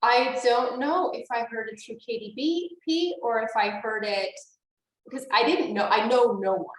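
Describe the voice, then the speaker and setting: A woman's voice: on the high side, moderate pace. A woman in her forties, an author and guest, chatting enthusiastically in an interview and laughing often. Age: 40s. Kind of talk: casual interview chat. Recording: roomy echo.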